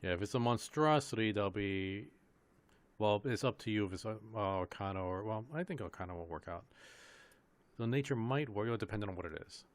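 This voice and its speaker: A man playing a tabletop game, thinking through rules aloud with hesitant pauses. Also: fairly low pitch, no echo. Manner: thoughtful, hesitant, rules-minded. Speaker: player. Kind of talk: casual tabletop game chat.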